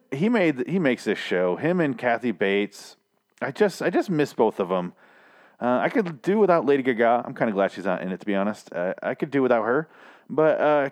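A man hosting a review podcast, talking casually in a rambling, profane way with many fillers and restarts. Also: mid-range voice. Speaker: podcast host reviewing a TV series. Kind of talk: casual chat.

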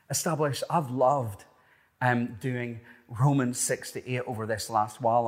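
Husky Irish preacher, slow and earnest. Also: male voice, medium pitch. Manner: earnest, emphatic preaching with dramatic rises and hushed drops. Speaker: pastor. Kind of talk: sermon.

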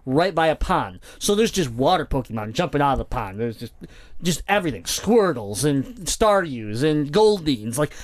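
A man with a fairly high voice tells a lively story in casual podcast chat, laughing often and stumbling over repeated words. He jumps into quoted voices as he goes. The recording is close and dry, with little room sound. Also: moderate pace, no room sound. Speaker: podcast host.

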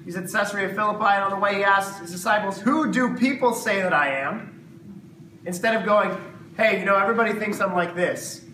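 Male Bible teacher, high voice, chatty and humorous, recorded in an echoey room. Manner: conversational, jokey, acts out voices of the disciples. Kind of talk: casual Bible teaching to a small group. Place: room with a live group. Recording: echoey room, distant mic, noisy background.

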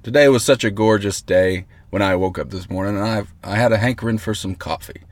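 A man hosting a comedic mock radio broadcast, excitable, rambling and mock-earnest, talking from inside a parked car. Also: on the low side, brisk, few pauses, no echo. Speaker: host. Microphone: close mic in a parked vehicle.

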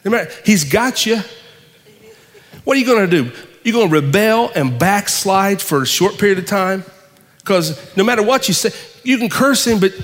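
A man's voice: high voice, a bit bright. A pastor acting out Adam as a frightened first man, pleading and stammering. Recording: long hall reverb.

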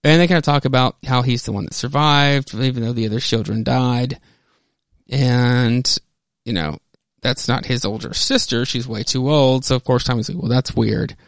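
A man's voice: mid-range voice, normal speed, gravelly, no echo, clean studio sound. A man hosting a podcast, loosely retelling a comic's story in a casual, rambling way with frequent fillers and restarts. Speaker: podcast host. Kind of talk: casual comic book recap.

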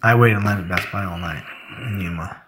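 A man's voice: low-pitched, a little fast, fairly bright tone, slight background noise. A middle-aged man in casual chat, teasing and swearing as he tells stories. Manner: profane, storytelling, teasing.

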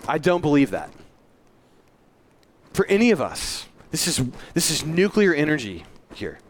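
A man's voice: on the high side, huge pitch swings, unhurried, slight background noise. A male pastor giving a sermon in a church, earnest and conversational, with self-deprecating asides.

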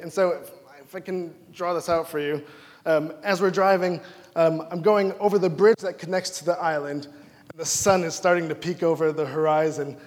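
Young male preacher from Wisconsin, high-pitched, animated storyteller, long reverb of a church hall. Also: normal speed. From Wisconsin, United States. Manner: animated storytelling, acts out his own quoted lines. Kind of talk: sermon with personal stories.

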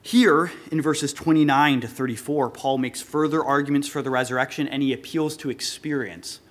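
A man's voice: mid-range voice, normal speed, fairly bright tone. A man preaching an earnest sermon, rising with emphasis when he quotes scripture. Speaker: pastor.

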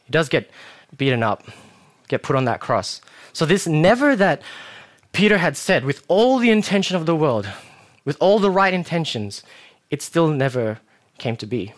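A young man giving a sermon in a church, casual and animated, acting out quotes as he tells the story. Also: a little high, moderate pace, pauses often. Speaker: preacher.

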